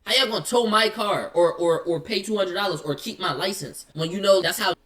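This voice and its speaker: A man telling a story in casual slang, acting out both sides of an argument in quick quoted lines. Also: sits high, fairly bright tone.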